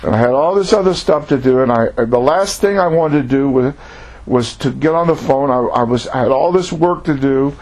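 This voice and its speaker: A man with a husky, breathy voice delivers a personal testimony sermon. He tells his story earnestly and reflectively, at a middle pitch. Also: normal speed, darkish tone. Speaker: preacher.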